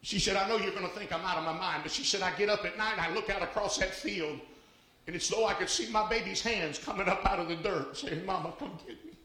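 An older man preaches a sermon full of stories. His voice is bright and sits a little high for a man. It swings from hushed telling to shouted exhortation, and the room echoes around him. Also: fast talker. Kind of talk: sermon with storytelling.

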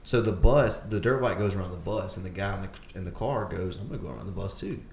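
A man's voice: deep voice, gravelly, darkish tone, a little hiss or hum. A man co-hosting a podcast, telling rambling stories in casual chat and laughing along. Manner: rambling, halting storytelling with restarts and laughs. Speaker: podcast co-host. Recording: echoey room.

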